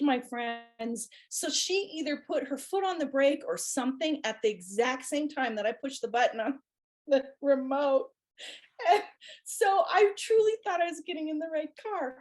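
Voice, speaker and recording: A woman co-hosting a podcast, telling a story in an animated, laughing way with many restarts. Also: sits high, normal speed. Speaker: podcast co-host. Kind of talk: casual storytelling chat.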